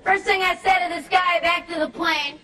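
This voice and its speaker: A woman youth speaker giving an impassioned religious talk to students, emphatic and preachy, stressing points with shouts and slow drawn-out words. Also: extremely high pitch, steady tone, far from the mic, poor audio.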